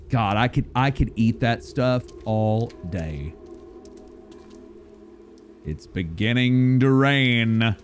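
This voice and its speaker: A man's voice: medium pitch, slight background noise. Playful rambling male game streamer. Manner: playful, rambling, swings between loud outbursts and mumbling. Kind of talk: live game stream chat. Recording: faint music behind the voice.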